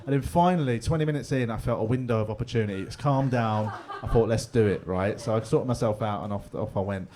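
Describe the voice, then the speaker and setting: A man's voice: lowish voice, quick pace, hardly any pauses, mellow, a little hiss or hum. A man doing a stand-up set in a pub comedy room, talking in a chatty, storytelling way with laughing asides.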